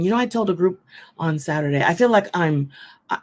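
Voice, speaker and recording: Loud, fast-talking forthright woman. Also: on the low side, animated. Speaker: host. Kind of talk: casual faith talk, preaching to camera.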